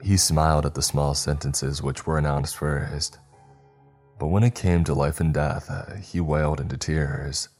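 A man narrating a scripted horror story in a steady, brisk storytelling manner. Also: rumbling low, faint music behind.

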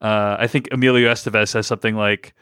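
A man's voice: lowish voice, level tone, quick pace, sharp tone, clear, resonant tone, no room sound, studio quality. A man hosting a casual movie review podcast, rambling with lots of fillers. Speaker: podcast host.

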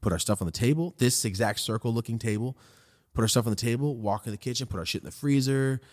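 A man hosting a podcast, telling a story in a loose, profane, rambling way while high. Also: fast, a little mellow, no echo, clean studio sound. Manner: profane, rambling, laid-back. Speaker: podcast host. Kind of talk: casual storytelling.

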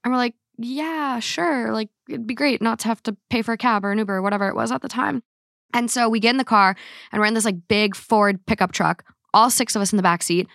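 A woman hosting a podcast, chatting candidly in a casual way and reacting quickly. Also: on the high side, steady tone, gravelly, a bit bright, no room sound, clean studio sound. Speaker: podcast host.

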